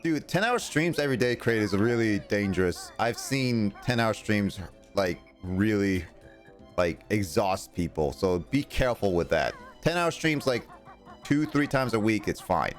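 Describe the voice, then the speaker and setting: A young man with a fairly low voice chats loosely through a game stream. He rambles, reads viewer messages out loud and laughs often. Faint game music plays under him. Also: animated, a little slow. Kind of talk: casual live-stream chat while gaming.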